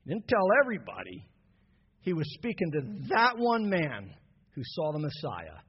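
High husky guy preaching in a church, slow and swinging all over, big long hall echo. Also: wildly swooping pitch. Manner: builds from soft to shouted peaks. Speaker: pastor. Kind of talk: impassioned sermon. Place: church sanctuary. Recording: dull lo-fi sound with long hall reverb.

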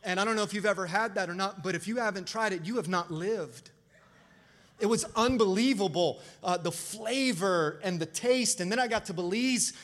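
A man preaching a lively sermon as pastor, calling out to the congregation for responses. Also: sits high. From Florida. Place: church sanctuary.

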